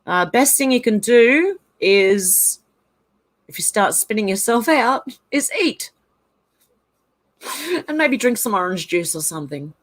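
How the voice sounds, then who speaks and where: Reading viewer comments aloud on a casual livestream, this Irish-born woman raised in Australia speaks with an Australian accent and laughs often. Her medium-pitched voice is animated, with a measured pace and frequent pauses.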